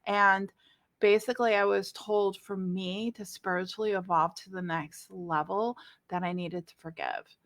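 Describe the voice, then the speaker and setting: A middle-aged woman speaking candidly to her viewers about forgiveness and spirituality, confiding and close to tears, with many pauses and fillers. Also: medium pitch, fairly even intonation, a bit bright. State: emotional, near tears. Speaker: spiritual vlogger. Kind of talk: personal spiritual talk to camera.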